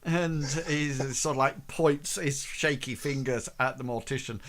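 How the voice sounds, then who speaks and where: A man's voice: mid-range voice, unhurried, a crowd in the background. A man narrating a tabletop game as game master, hesitant and full of fillers.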